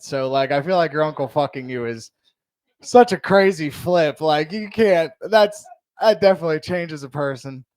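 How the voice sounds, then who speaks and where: A man's voice: fairly high pitch, a little mellow, no echo. A young man doing a stand-up comedy set in a bar, telling crude stories in a loose, rambling way full of fillers.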